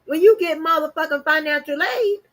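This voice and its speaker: The channel host rants on her livestream with blunt defiance, loaded with profanity and repeated words. She speaks briskly, her voice sitting high with a fairly bright tone.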